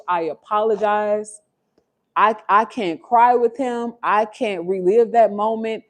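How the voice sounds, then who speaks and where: Woman, livestream host at home, confessional and heartfelt, chatty with viewers. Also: mid-range voice. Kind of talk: candid livestream storytelling. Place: her home.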